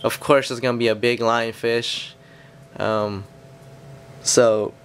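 A hoarse man, losing his voice, talking casually to his subscribers in a halting way with many pauses and fillers. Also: mid-range voice, level tone, a bit bright, a little hiss or hum. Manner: halting, many pauses and fillers, keeps addressing viewers as guys. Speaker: hobbyist vlogger. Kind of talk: casual DIY video chat to subscribers.

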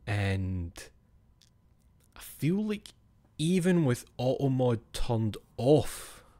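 Very animated, with a warm mid-range voice and drawn-out words, a Scottish streamer talks casually with his live chat. He's blunt, curses freely, and drops chuckling asides.

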